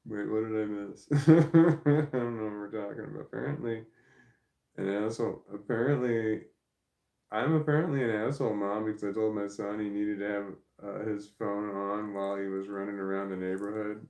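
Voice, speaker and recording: This man's voice is fairly low, creaky, and dark, with fairly even intonation at a moderate pace and a reverberant sound. Chatting at home indoors on a rambling casual livestream, he meanders and stammers, addresses his dog, and reads messages aloud.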